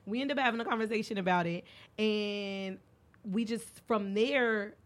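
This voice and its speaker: In a mid-range voice at normal speed, a young woman hosting a podcast tells candid stories over casual chat. She brings the quoted lines to life by acting them out animatedly.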